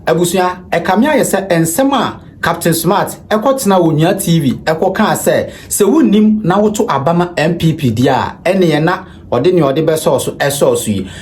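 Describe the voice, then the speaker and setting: A channel host from Ghana recaps the news in an explanatory, storytelling manner. The voice is mid-pitched and rises and falls freely. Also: animated, normal speed, hardly any pauses, darkish tone.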